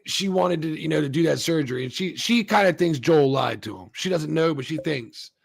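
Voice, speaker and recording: A man talks through a TV episode in a loose, profane ramble, jumping in and out of the characters' lines. His voice is gravelly with fry and sits a little high for a man. He sounds like an unscripted solo host. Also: animated, brisk. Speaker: show host reviewing a TV episode. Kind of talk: casual solo recap and review.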